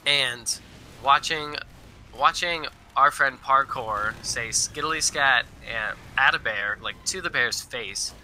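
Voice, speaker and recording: A man's voice: mid-range voice, slow, bright, forceful tone, a little hiss or hum. A young man casually telling a rambling story, full of fillers and quoted dialogue. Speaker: storyteller guest.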